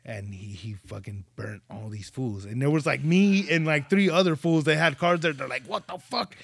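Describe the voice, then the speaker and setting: La guy hosting a podcast, cussing and acting out his stories, kinda high voice, dry close sound. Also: moderate pace, vocal fry, husky, dry recording. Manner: profane, animated storyteller acting out dialogue. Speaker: podcast host. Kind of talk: casual chat.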